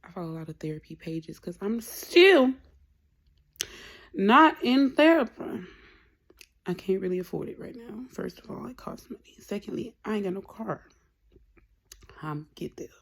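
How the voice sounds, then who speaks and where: A young woman talking candidly in a rambling personal vlog, often dropping to a soft whisper. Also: mid-range voice, animated, normal speed, gravelly, pauses often. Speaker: vlogger.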